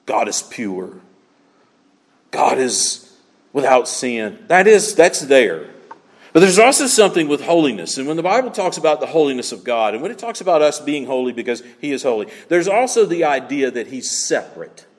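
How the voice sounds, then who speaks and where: A man preaching a sermon as pastor, emphatic, moving between loud declaiming and quiet asides. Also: medium pitch, sing-song, moderate pace, in a large hall.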